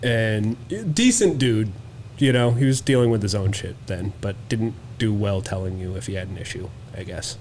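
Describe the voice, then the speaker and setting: A man's voice: lowish voice, normal speed, a little mellow, a little hiss or hum. A man co-hosting a podcast, telling a wild story in casual, profane chat and acting out the quotes. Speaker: podcast co-host.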